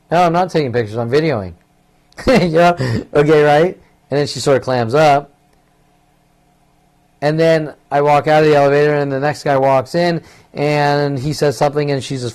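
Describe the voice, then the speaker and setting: Agitated male monologue, rambling and profane, voice pitched a bit high. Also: fairly even intonation, normal speed, darkish tone, clear, resonant tone. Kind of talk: rambling solo monologue to camera.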